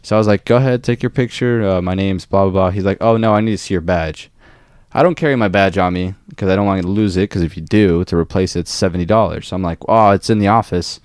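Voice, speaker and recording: A man's voice: deep voice, quick pace, smooth, no room sound, studio quality. A young man co-hosting a podcast, telling a work story in casual chat, swearing freely and acting out quotes. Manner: profane, animated storytelling with acted quotes. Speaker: podcast co-host.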